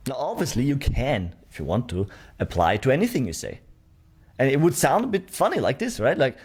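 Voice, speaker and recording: A man's voice: medium pitch, very animated, normal speed, a little mellow. A man teaching a sales course, demonstrating question tonalities and checking in often with the learner. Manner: talks straight to the learner, checking with "right?". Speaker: sales trainer. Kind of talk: online course lesson.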